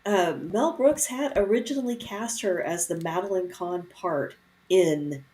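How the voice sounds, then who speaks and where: A woman on a live movie-riffing panel, chatting casually and haltingly, with many fillers and restarts. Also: on the low side, mellow. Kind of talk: casual chat.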